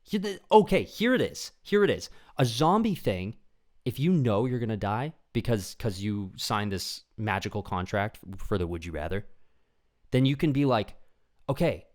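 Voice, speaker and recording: A young man hosting a solo podcast in a casual ramble, often dropping into quick imitations of other people. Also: on the low side. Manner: rambling, animated, acts out voices of people he imagines. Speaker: podcast host.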